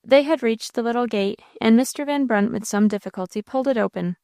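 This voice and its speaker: Female audiobook narrator, measured storytelling, dry close recording. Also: a little high, dark tone, clear, resonant tone, dry recording.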